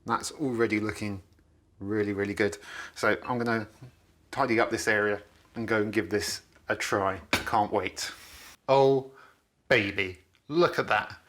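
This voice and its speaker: A man's voice: fairly low pitch, flat delivery, normal speed, fairly bright tone. A man, chatting enthusiastically while he cooks in his home kitchen for a video. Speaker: cooking vlogger. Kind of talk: casual cooking demonstration.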